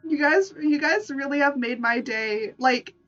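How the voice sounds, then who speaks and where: A woman artist chatting on a live stream, giggly and halting, with many restarts. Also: high voice, lively intonation, fairly bright tone, lo-fi sound, soft background music. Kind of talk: live-stream chat while making art.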